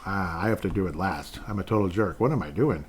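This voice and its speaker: Low-voiced male sports podcast host, rambling and self-correcting, faint background noise. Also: fast. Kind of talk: solo sports podcast talk.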